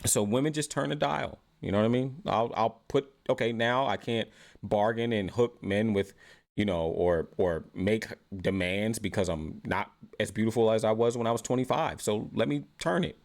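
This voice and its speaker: Low-voiced man ranting in commentary. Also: moderate pace, creaky. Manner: rambling, repeats "right?" often. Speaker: commentary host. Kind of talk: reaction commentary.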